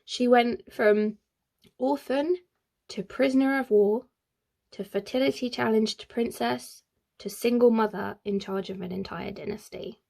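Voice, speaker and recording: A woman's voice: on the high side, fairly even intonation, a little slow, creaky, darkish tone. A woman who hosts a history channel, telling history in a casual, chatty way with playful asides. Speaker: history YouTuber.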